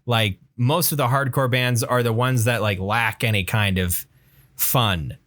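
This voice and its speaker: Casual male podcast co-host, halting and full of fillers, average pitch. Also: steady tone, a bit bright. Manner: rambling, halting, many fillers and restarts. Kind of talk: casual chat about music.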